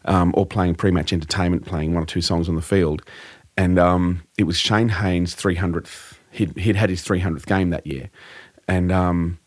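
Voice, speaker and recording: A man and comedy musician, telling animated stories in a casual chat and laughing often. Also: low-pitched, normal speed, few pauses, dry recording. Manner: animated, laughing, slips into impressions.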